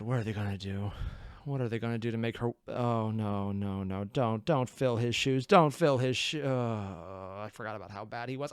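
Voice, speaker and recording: Excitable reaction host, lively swings. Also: medium pitch, clean tone, no room sound, studio quality. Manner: excitable, laughing, self-interrupting. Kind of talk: casual reaction commentary.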